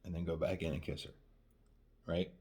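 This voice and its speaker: In a deep, dark voice with flat delivery and a moderate pace, a dating coach offers casual advice to the camera. He frequently asks "right?" and plays out bits of quoted dialogue.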